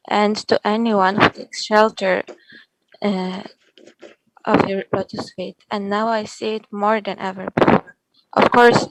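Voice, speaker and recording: A Polish-accented woman reads a devotional tribute in English at an unhurried pace. Her voice is gravelly and stays level in pitch. The sound is dry and close, and she hesitates with sighs and fillers. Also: no echo, poor audio. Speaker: disciple reading an offering.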